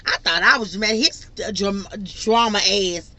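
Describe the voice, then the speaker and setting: A young woman vlogger telling a personal story in an animated, laughing, casual way. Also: mid-range voice, normal speed. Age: young adult. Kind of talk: storytime vlog.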